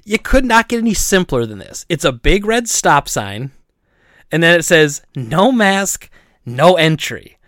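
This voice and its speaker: Animated man telling a store story. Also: a little high, moderate pace, no room sound, clean studio sound. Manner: animated, laughing, acts out voices. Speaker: store owner and podcast co-host. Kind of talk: casual chat, telling a story.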